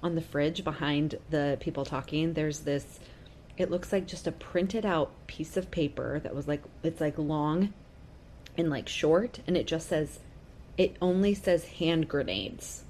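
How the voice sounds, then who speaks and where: A woman's voice: deep voice, measured pace, a little hiss or hum. A woman co-hosting a podcast, chatting casually and pointing out small details she noticed. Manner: animated, detail-focused asides. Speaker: podcast co-host. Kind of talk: casual recap chat.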